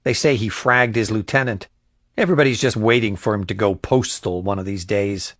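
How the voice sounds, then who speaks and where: A man's voice: on the low side, brisk, dry recording, studio quality, close to an everyday voice. A man voicing a sarcastic, gossipy young woman from a small town in an audiobook. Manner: snarky, wisecracking.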